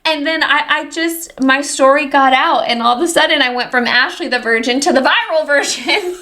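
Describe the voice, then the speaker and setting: A woman's voice: high-pitched, moderate pace, few pauses, pushed and bright. A woman in her thirties, a podcast guest telling her story in casual chat, acting out her own and others' reactions. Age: 30s.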